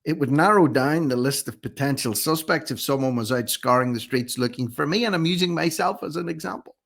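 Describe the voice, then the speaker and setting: A man's voice: on the high side, a little fast, vocal fry, a bit bright. A man hosting an opinionated commentary vlog, reading news reports aloud and then firing off indignant rhetorical questions. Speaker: host of a commentary channel.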